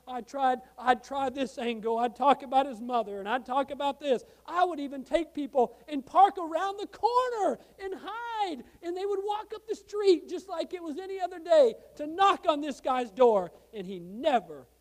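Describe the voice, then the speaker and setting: A pastor preaches with real passion, his fairly high voice dropping to a hush for the tender moments. Then it rises into loud, urgent appeals. He is a man telling a story from the pulpit. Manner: impassioned preaching, swings from hushed to loud. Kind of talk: sermon.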